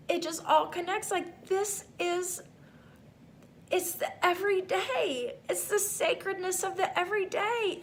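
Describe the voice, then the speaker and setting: High-voiced woman sharing heartfelt faith testimony. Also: fairly bright tone, slight background noise. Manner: rambling, heartfelt, full of "like" fillers. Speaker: faith vlogger.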